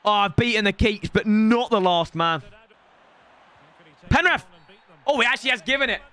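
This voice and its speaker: A man's voice: high voice, lively intonation, normal speed, sharp tone, clean tone. A man, commentating his own game on a live stream in an exasperated, ranting way.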